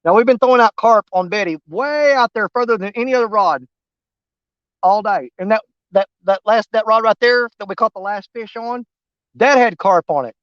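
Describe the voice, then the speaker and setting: High-voiced man chatting outdoors. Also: normal speed, fairly bright tone, no room sound, dull audio. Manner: rambling, folksy, talks to viewers. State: winded. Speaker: fishing vlogger. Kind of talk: live-stream fishing chat. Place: outdoors at a riverbank.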